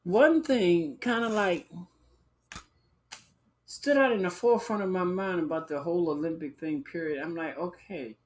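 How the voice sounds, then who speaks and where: A man hosting a live-stream talk show, chatting in a sassy, flamboyant way, calling listeners honey and child and breaking into high whoops. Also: brisk, hardly any pauses. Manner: bursts into high whooping exclamations. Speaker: livestream show host. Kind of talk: casual live-stream chat.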